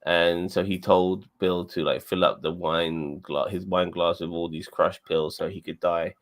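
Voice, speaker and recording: A podcast co-host talks through a live review, emotional and halting, stumbling into many restarts. His voice is deep and steady in tone.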